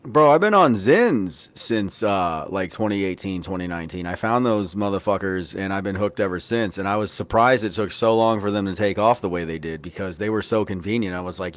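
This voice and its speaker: A man's voice: low-pitched, brisk, few pauses. A man hosting a podcast, telling rambling, profanity-laced stories in casual chat. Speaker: podcast host.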